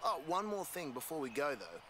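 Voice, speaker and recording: A man's voice: on the high side, big pitch swings, fairly quick, a bit bright. An actor voicing a friendly, laid-back male car trader in a racing game.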